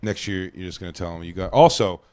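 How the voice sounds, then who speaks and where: A man in casual podcast chat, trading jokes with quick banter. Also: low voice, darkish tone, smooth. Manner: joking banter.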